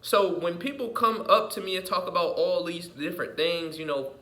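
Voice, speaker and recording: A man delivering an unscripted, heated, profane monologue rant as a vlogger, repeating himself and swinging between muttering and yelling. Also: high voice, fairly even intonation, moderate pace.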